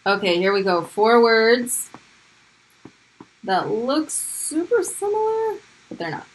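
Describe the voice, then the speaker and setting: Slow, patient woman teaching Arabic sounds. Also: on the high side, wildly swooping pitch, low-quality recording. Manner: patient, repeats sounds slowly for drilling. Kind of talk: recorded video lesson.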